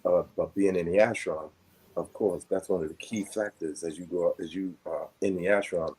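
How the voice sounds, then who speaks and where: A man's voice: low-pitched, steady tone, normal speed, darkish tone, slightly rough. An older man telling a long personal story in casual conversation, reflective and rambling with many fillers. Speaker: guest.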